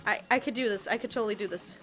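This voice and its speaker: A woman in her early twenties streaming a game, excitable and a bit tipsy, exclaiming, swearing and laughing as she plays. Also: mid-range voice, racing, soft background music. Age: early 20s. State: tipsy from taking shots. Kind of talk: casual gameplay livestream.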